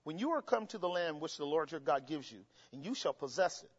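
A man's voice: sits high, expressive, brisk, hardly any pauses, a bit bright. A man teaching a Bible study as pastor, asking the listeners to finish his sentences and driving his points home with emphasis. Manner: call-and-response questions, emphatic. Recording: dull sound with long hall reverb.

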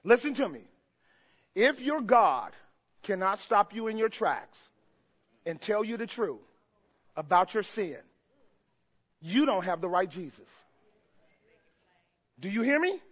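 Male preacher, very high and bright voice, fervent sermon, hushed-to-shouting, dull lo-fi recording. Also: sing-song, slow pace, long pauses, husky. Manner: asks the congregation rhetorical questions.

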